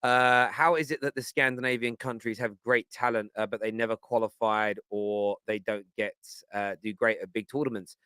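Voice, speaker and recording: Bright, crisp man hosting a stream. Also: lowish voice, fairly even intonation, moderate pace, hardly any pauses, no echo, clean studio sound. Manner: enthusiastic, chatty, reads viewer comments aloud. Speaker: football show host. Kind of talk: live fan reaction stream.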